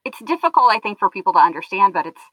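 A woman's voice: mid-range voice, big pitch swings, very fast, fairly bright tone, slightly rough, dry recording. A woman guest in a conversational interview, earnest and explanatory, often looping back mid-thought. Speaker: guest sharing her story. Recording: dull lo-fi sound.

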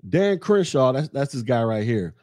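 A man's voice: medium pitch, very animated, moderate pace, mellow, dry recording, studio quality. A man from the United States hosting a podcast, ranting angrily about politics, heated and profane, mocking his listeners and repeating phrases for emphasis. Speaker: podcast host. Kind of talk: angry political rant.

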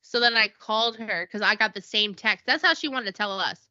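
Bright-voiced woman telling stories. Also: medium pitch, brisk, dry recording, dull audio. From Connecticut. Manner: animated storytelling, acts out quoted people. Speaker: podcast co-host. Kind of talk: casual chat.

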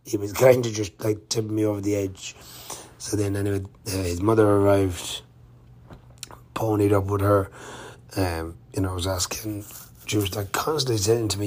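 A man's voice: fairly low pitch, fairly even intonation, moderate pace, a little mellow. A man telling a rambling, chatty travel-diary story of his day on the road, full of fillers and restarts. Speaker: touring cyclist vlogger. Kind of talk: casual travel-diary narration.

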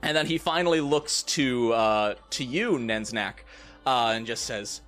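A man's voice: medium pitch, unhurried, fairly bright tone, soft background music. A man running a tabletop game as game master, narrating scenes vividly and with suspense. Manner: vivid, suspenseful description with playful asides.

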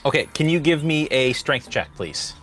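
A man narrates as game master, easygoing and vivid in his descriptions. His voice sits a little high, with faint music playing underneath. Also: lively intonation, moderate pace, a bit bright.

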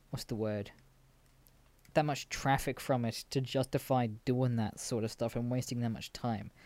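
A young man, hosting a podcast and telling stories casually, animated and full of swearing and laughter. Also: mid-range voice, no echo. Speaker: podcast host. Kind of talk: casual storytelling monologue.

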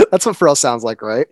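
A man's voice: fairly high pitch, no echo, rough recording. A man co-hosting a podcast in casual chat, rambling and profane, laughing often and half-singing lyrics. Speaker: podcast co-host.

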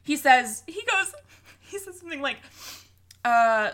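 A woman recaps a reality show in a loose, animated chat, with a fairly high, bright voice. She swears freely and slips into quotes of what people said. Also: measured pace, pauses often.

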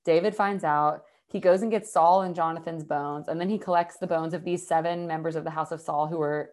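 Brief: lowish chatty young woman co-host. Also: steady tone, fairly quick, a little mellow. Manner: chatty, swears, lots of "like". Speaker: podcast co-host. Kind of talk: casual chat retelling Bible stories.

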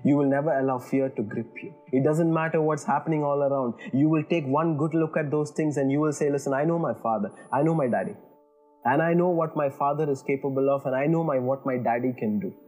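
A man's voice: on the high side, fairly quick, darkish tone, soft background music. A man preaching a sermon in an earnest way, building emphasis and checking in with "you know" and "all right". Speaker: pastor.

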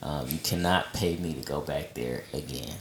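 A man co-hosting a podcast, telling family stories in animated casual chat with low asides. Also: moderate pace, roomy sound. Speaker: podcast co-host.

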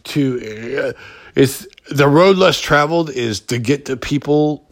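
A man talks slowly through a rambling, profane podcast rant. His voice has a gravelly, fry-laden edge, and he keeps stopping and restarting his sentences. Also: medium pitch. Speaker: podcast host. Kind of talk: casual ranting monologue.

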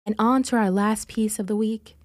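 Clear-spoken woman podcast host. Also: mid-range voice, fairly even intonation, moderate pace, no room sound, clean studio sound. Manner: clear, instructive announcer tone. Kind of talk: scripted podcast presenting.

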